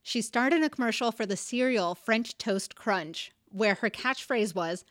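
A young woman co-hosts a podcast, telling a story in casual, chatty fashion and reading out facts with asides and laughter. Her voice is fairly high and unhurried, and the recording is dry and studio quality.

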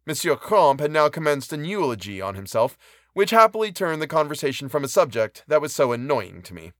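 A man reading a classic novel aloud in a measured, even narration. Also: a little high, dry recording, clean studio sound. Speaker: audiobook reader.

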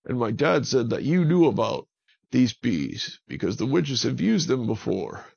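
A man's voice: medium pitch, animated, unhurried, a little mellow, voice pushed up. A man voicing a little boy who has suddenly grown into a big man, talking earnestly and pleading to be believed. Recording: dull lo-fi recording.

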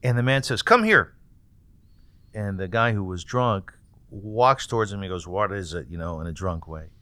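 A man hosting an interview, telling an anecdote in a lively, expressive way. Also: deep voice, moderate pace, clear, resonant tone, no room sound. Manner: animated storyteller, acts out voices in anecdotes. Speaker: interviewer, host. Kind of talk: podcast interview, storytelling.

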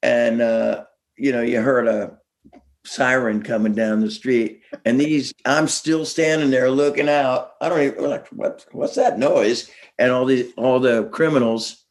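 A middle-aged man chatting as a guest, animated and laughing, slipping into quick voices as he tells stories. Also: mid-range voice. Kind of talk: casual chat, storytelling.

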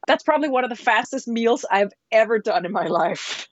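A woman chef, a guest on an interview show, telling stories in a lively, rambling way with lots of fillers. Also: fairly high pitch, fairly quick. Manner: animated, rambling storyteller with many fillers. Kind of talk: casual interview storytelling. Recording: slightly dull lo-fi sound.

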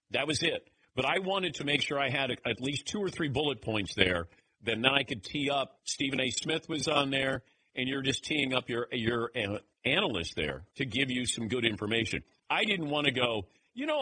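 A man's voice: mid-range voice, a little hiss or hum, poor audio. A man hosting a sports radio show, telling stories in casual studio banter and laughing often. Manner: animated, laughing storyteller.

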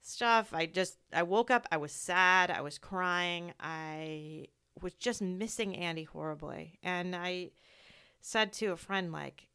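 Smooth-voiced woman hosting a grief talk. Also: lowish voice, takes it slowly, pushed and bright. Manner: heartfelt, storytelling, acts out quoted voices. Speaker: medical provider. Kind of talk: candid conversation about grief.

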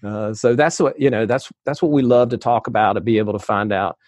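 A man's voice: on the low side, darkish tone, no echo. Rambling chatty man, dry close sound. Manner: rambling, many restarts and fillers, quick to laugh. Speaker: podcast guest. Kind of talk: casual conversation.

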